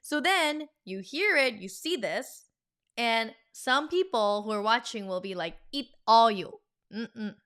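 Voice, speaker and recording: Cheerful lady teacher walking through a pronunciation lesson, lively and chatty. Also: a little high. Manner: upbeat, animated, teacherly. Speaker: Korean language teacher. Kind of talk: online language lesson.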